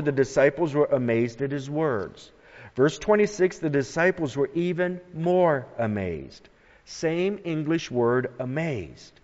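Male pastor, high-pitched, slow and deliberate, dramatic sermon delivery, muffled long-reverb hall. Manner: dramatic, rises to anguished shouts then drops to hushed tones.

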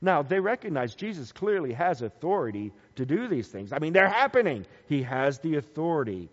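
Male preacher, expressive delivery that jumps between loud stresses and soft asides, lively pitch, muffled recording in a big reverberant hall. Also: a little fast. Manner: animated, swings from loud emphasis to quiet low asides. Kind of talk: bible teaching sermon. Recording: dull sound with long hall reverb.

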